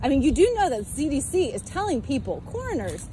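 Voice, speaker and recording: An upset woman, a mother confronting police outdoors, yelling and defiant and repeating herself. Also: high-pitched, big pitch swings, a little fast, a little hiss or hum, poor audio. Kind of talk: heated confrontation. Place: outdoors in a public place.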